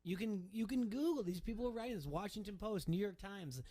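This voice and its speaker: A man's voice: high voice, quick pace, warm tone. A man hosting a sports radio talk show, rambling and emphatic as he goes through numbers and repeats his words.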